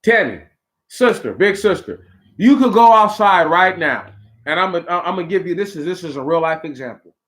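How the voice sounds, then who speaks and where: A man's voice: high voice, lively intonation, moderate pace, a bit bright. A man hosting a talk show, delivering a preachy, conversational monologue straight to his listeners with slang asides. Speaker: podcast host.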